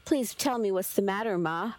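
A woman voicing a gentle young male clay golem who speaks slowly and softly, in few words, in a storybook reading. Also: medium pitch, no echo, lightly acted. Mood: soothing. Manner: slow, soft, few words. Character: gentle gray clay golem son, young man, quiet.

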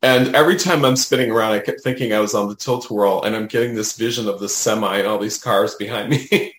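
Man, low voice, casual storytelling, animated, "you know" habit, echoey room. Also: fast talker, few pauses. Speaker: guest, medium.

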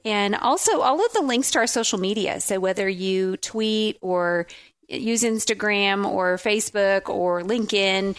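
A woman's voice: mid-range voice, measured pace, clear, resonant tone. A woman co-hosting a talk radio show, chatty and playful. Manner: chatty and playful, with many fillers. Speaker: radio co-host.

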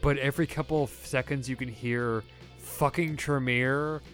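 A man narrating as game master of a tabletop game, relaxed and halting with frequent fillers. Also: medium pitch, loud music behind the voice.

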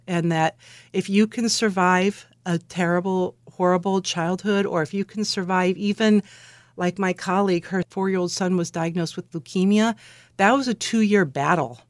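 A middle-aged woman from California talking as an interview guest, an animated storyteller who laughs often and acts out what people said. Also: fairly low pitch, unhurried, no room sound. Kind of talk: conversational interview.

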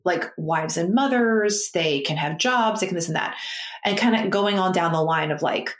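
Woman rambling about books w lots of um and like, lowish voice, echoey room. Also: moderate pace. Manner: rambling, many fillers and restarts. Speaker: podcast co-host. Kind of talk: casual book chat.

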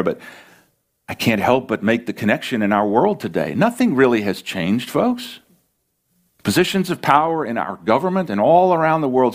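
Earnest male pastor preaching a sermon. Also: mid-range voice. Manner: earnest, emphatic preaching with dramatic pauses.

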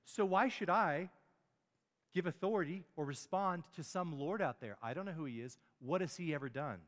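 A man's voice: a little high, moderate pace, natural voice. Pharaoh, a scornful god-king as a preacher puts him on. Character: arrogant god-king Pharaoh, male, defiant. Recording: long hall reverb.

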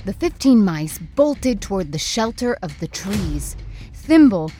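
Slow, dramatic woman storyteller. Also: mid-range voice, very animated, mellow, faint music behind. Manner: slow, dramatic, suspenseful reading. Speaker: narrator. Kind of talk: storybook narration.

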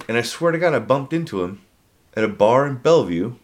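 A man in his forties, a podcast co-host, telling military stories in casual chat, swearing freely and acting out shouted drill instructor lines. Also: mid-range voice, expressive, fairly quick. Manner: storytelling, acts out drill instructors loudly.

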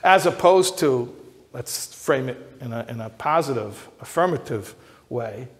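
A man who is an educator, giving a lecture that builds to emphatic high peaks, often repeating and restarting words as he thinks aloud. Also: lively intonation, unhurried. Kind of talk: lecture to an audience. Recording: long hall reverb.

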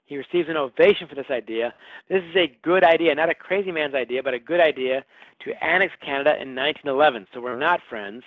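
Author on a tinny phone-like line. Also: male voice, fairly high pitch, fast talker, dry recording. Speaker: author guest. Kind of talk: interview answers.

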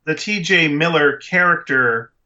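A man's voice: fairly high pitch, a little slow, pushed and bright, muffled recording. A man co-hosting a podcast, chatting casually about a movie in a rambling, emphatic way full of restarts. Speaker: podcast co-host. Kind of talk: casual movie review chat.

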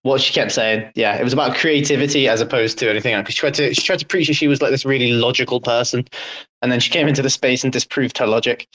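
A man's voice: medium pitch, steady tone, quick pace, a bit bright, poor audio. A man in a casual online voice chat, speaking in an exasperated and mocking way. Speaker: Twitter space speaker.

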